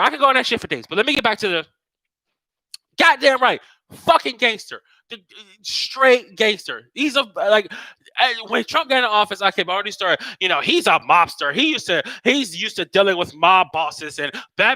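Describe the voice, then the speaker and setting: A man's voice: sits high, no echo, low-quality recording. A man ranting in casual talk, swearing constantly and mocking others in put-on voices. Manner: profane, animated, mocks others in put-on voices. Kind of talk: casual political rant.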